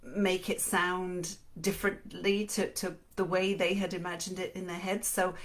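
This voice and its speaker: A woman's voice: lowish voice, flat delivery, a little slow. A woman hosting a book podcast, introducing the episode in a chatty, cheerful way, with small fillers and self-corrections. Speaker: podcast host and reader.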